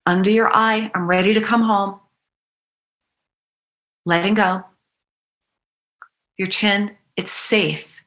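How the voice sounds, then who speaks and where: Bright-voiced woman leading tapping meditation. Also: medium pitch, fairly even intonation. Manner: slow, soothing, repetitive guided cues; playful bursts of animal noises and laughter. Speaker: EFT tapping coach.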